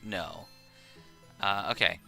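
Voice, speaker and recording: A man's voice: low-pitched, fairly even intonation, slow pace, creaky, bright, forceful tone, faint music behind, rough recording. A man chatting and joking casually while streaming a video game. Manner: playful, joking.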